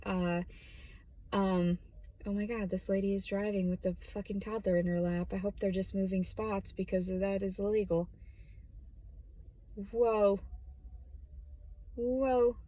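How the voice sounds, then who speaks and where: Parked in a store lot, a woman rambles bluntly through a casual vlog monologue, swearing plenty. Her voice is medium-pitched and darkish, and the recording has no echo.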